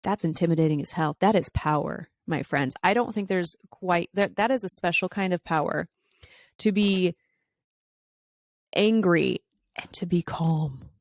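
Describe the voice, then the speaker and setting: A woman in her thirties hosting a podcast, telling stories in a casual monologue and acting out the dialogue with quick voice shifts. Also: lowish voice, no echo, studio quality. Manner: chatty with frequent fillers and laughs. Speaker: podcast host.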